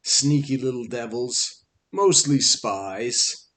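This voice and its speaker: A man's voice: mid-range voice, slow, a bit bright. A man doing a bossy, lecturing jackal guard. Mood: scornful. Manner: scolding, sarcastic, lecturing. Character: bossy condescending male jackal army guard. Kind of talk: audiobook character voice.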